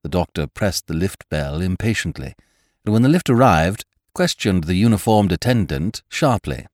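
Deep-voiced, expressive man narrating a story. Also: moderate pace, no room sound, studio quality. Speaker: audiobook narrator.

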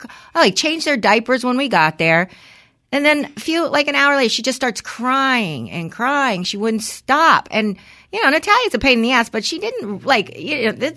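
A woman co-hosting a podcast, telling candid stories as a mother in a casual, expressive way. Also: fairly high pitch. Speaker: podcast co-host. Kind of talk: casual chat.

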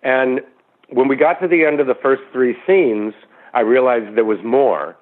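A male actor guest telling a long anecdote in an animated way, acting out the voices of people he quotes. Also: mid-range voice, unhurried. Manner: animated storyteller who acts out quoted voices. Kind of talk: storytelling interview anecdote. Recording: tinny phone-like line.

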